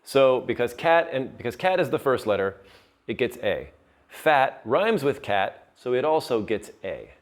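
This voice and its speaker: A man's voice: mid-range voice, very animated, a little slow. A male teacher giving a lesson on poetry terms, patiently explaining and checking in with his students.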